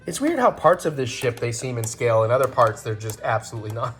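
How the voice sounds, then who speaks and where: A man hosting a home vlog, joking and thinking out loud while he puts a toy together. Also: medium pitch, lively intonation, fast, faint music behind. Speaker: vlog host. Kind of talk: casual chat while assembling a toy set.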